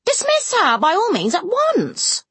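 A woman's voice: mid-range voice, very animated, moderate pace, fairly bright tone, slightly rough, no echo, full character voice. A woman voicing a proud, scornful older noblewoman who speaks shrilly and disdainfully.

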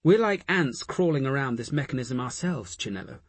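A man's voice: medium pitch, animated, fairly quick, no echo, close to an everyday voice. A man voicing a hesitant, earnest woman scientist in an audiobook, speaking in a musing way.

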